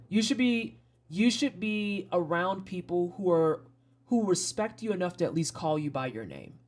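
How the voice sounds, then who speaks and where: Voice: mid-range voice, expressive, normal speed. A streamer with a Midwestern American accent, chatting casually and frankly while playing game demos, rambling into asides and swearing freely. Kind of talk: casual live-stream commentary.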